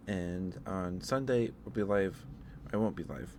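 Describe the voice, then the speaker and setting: A man streamer ending his stream, talking softly and rambling with fillers, his throat dry and his voice wearing out. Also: sits low, lively intonation, slow pace, a little hiss or hum. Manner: soft-spoken, rambling with fillers. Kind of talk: end-of-stream chat. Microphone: headphones and desk mic.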